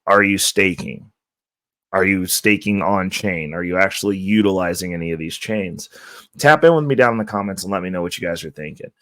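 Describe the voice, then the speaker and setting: A man's voice: low voice, a little fast, fairly bright tone, dry recording. A male crypto vlogger talking casually to his viewers. He is stuffy, his voice is close to worn out, and he rambles with plenty of fillers and restarts. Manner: loose and rambling, with many fillers and self-corrections; upbeat, hyping the viewers. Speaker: crypto channel host. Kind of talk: casual talk to camera.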